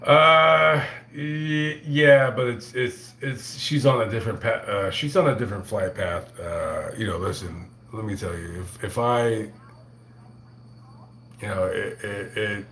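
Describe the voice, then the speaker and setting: A man hosting a casual livestream, telling a profane, rambling story full of halting restarts. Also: on the low side, fairly bright tone, reverberant, a little hiss or hum. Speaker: livestream host reading super chats.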